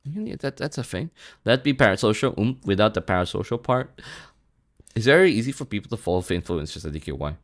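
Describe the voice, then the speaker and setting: A man from the Philippines, chatting casually on a live stream, animated and laughing often, swearing and saying bro a lot. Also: on the low side, fast.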